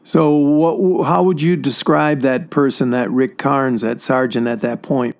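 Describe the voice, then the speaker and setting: A man interviewing a veteran, asking calm, measured questions. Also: medium pitch.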